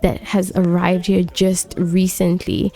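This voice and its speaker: A woman's voice: on the low side, flat delivery, slow pace, vocal fry, warm tone. A woman voicing a stern, defensive father in a life-sim game story. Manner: defensive, domineering.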